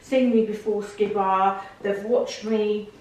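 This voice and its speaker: A woman, a podcast guest telling her story in casual chat, emotional and animated, with put-on voices for the people she quotes. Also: mid-range voice, slow pace. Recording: echoey room from a distance.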